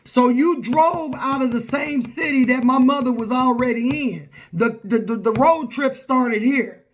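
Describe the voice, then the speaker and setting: A woman's voice: high-pitched, unhurried, slight background noise. A middle-aged woman, speaking straight to camera in an emphatic, confrontational rant full of repeated lines. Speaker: vlogger.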